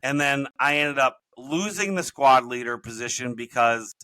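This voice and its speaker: A man's voice: medium pitch, lively intonation, moderate pace, sharp tone, no echo, poor audio. A middle-aged man, a podcast guest and business coach, telling his stories in a rambling, self-correcting way. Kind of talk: casual storytelling interview.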